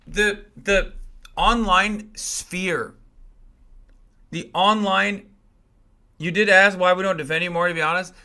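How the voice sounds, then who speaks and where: A man's voice: high-pitched, steady tone, slow, long pauses, sharp tone. A man in his thirties, a streamer, ranting angrily and profanely at critics, mocking them with sarcastic put-on voices. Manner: mocks critics in exaggerated voices. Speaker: political commentator and Twitch streamer. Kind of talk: livestream rant.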